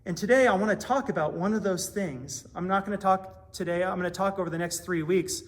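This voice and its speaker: High-voiced man preaching earnestly. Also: fairly quick. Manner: earnest, conversational preaching with rising emphasis. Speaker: pastor. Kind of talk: sermon. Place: small church.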